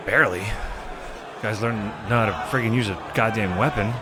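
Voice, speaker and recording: A man streaming a video game, giving excitable commentary full of swearing and jokes. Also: on the low side, fairly quick, over a noisy crowd, very noisy. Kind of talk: gameplay commentary. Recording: voice over game music.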